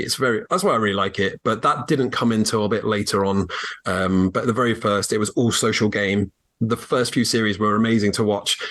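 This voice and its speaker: A man's voice: fairly low pitch, fairly bright tone. A man guest co-hosting a podcast, explaining things in a chatty, easygoing way with frequent laughs and fillers. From England. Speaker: guest co-host. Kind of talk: casual podcast chat.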